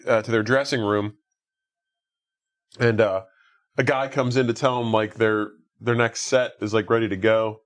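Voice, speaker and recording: This podcast host has a mid-range, fairly bright voice. In a casual movie recap chat, he rambles through a film's plot with plenty of fillers, acting out quoted lines and laughing along the way.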